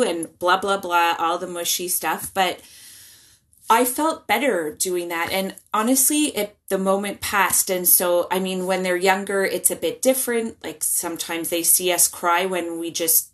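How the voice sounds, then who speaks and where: A woman's voice: on the low side, a little slow, a bit bright. A woman in her thirties, a guest in a casual interview, talking chattily with many restarts. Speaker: guest speaking about parenting.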